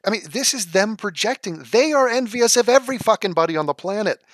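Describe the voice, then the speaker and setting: High-voiced sarcastic male vlogger. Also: animated, fast, no room sound, studio quality. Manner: sarcastic, profane, exasperated. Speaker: vlogger reading and answering viewer comments. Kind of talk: combative commentary vlog.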